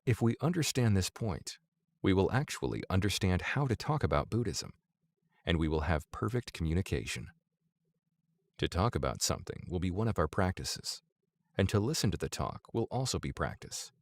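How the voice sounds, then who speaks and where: Deep gravelly man reading an audiobook. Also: sing-song, normal speed. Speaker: audiobook narrator. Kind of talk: scripted audiobook narration.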